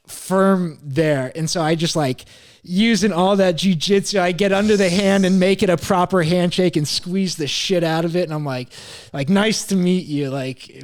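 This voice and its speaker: A young man hosting a podcast, rambling through a story in casual chat, swearing often and quoting himself. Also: sits high. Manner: rambling, swears a lot, quotes himself, laughs at himself. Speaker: podcast host.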